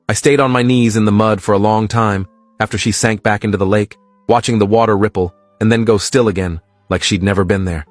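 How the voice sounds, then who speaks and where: Guy reading a creepy reddit-style story, lowish voice, dry close sound, faint music under it. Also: a little fast, no echo. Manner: steady first-person storytelling. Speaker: story narrator. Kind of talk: scripted horror story narration.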